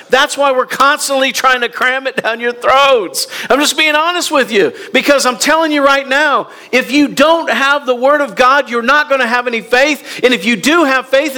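A man's voice: extremely high pitch, sharp tone. A male pastor preaching a sermon to his congregation, emphatic and conversational, often repeating words and asking the room questions.

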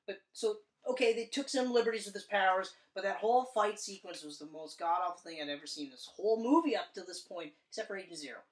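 A woman co-hosting a casual movie chat, critiquing films in a blunt, animated way with plenty of swearing. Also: mid-range voice, quick pace, hardly any pauses. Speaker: podcast co-host. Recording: roomy, distant mic.

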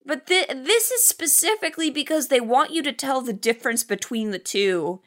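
A woman's voice: high-pitched, animated, normal speed, a bit bright. An American woman in casual conversation about a movie, wry and chatty, swearing now and then. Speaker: movie podcast co-host. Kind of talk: casual film review chat.

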